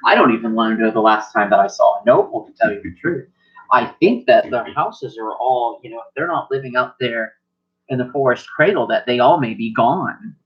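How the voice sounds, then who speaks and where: A man voicing a noble elf mother who talks in a measured, confiding way. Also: medium pitch, animated, highs cut off, natural voice. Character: proper noble elf mother, worried and gossipy.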